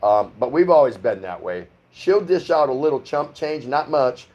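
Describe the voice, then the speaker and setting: A middle-aged American man hosts a casual livestream from his Philippine home, reading viewer comments aloud one by one and responding with loose, rambling asides. His middle-pitched voice is expressive and a little mellow, at normal speed, with lo-fi sound.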